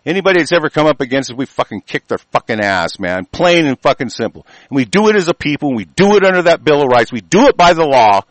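A man's voice: a little high, sing-song, fast, hardly any pauses, dry recording, poor audio. Furious cursing man ranting into a dry mic. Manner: swearing constantly, stammering restarts, swinging from yelling to muttering. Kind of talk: angry profane rant.

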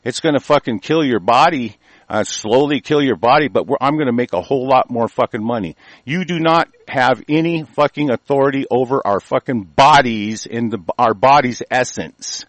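Male host, mid-pitched, hostile and foul-mouthed, reads aloud haltingly, dry close sound. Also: no echo. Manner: aggressive, cursing, stumbles while reading aloud. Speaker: host of a commentary show. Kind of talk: angry profane news rant.

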